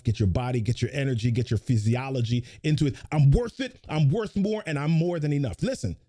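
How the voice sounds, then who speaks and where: Upbeat motivational man, mellow voice. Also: mid-range voice. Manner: energetic, greets viewers by name, repeats affirmations. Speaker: host of a motivational live show. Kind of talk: motivational live-stream talk.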